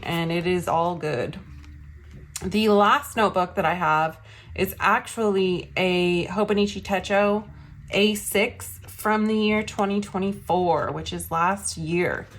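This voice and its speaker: A woman's voice: mid-range voice, a little slow. A young woman vlogger chatting casually as she shows her journals and planners. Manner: chatty, says "y'all". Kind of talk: casual show-and-tell.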